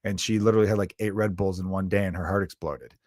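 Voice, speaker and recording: A man's voice: low voice, steady tone, fast talker, darkish tone, no echo, studio quality. A man hosting his own comedy podcast, riffing and ranting in a profane, exasperated way. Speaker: podcast host and stand-up comedian. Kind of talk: comedic solo rant. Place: lives in Chicago.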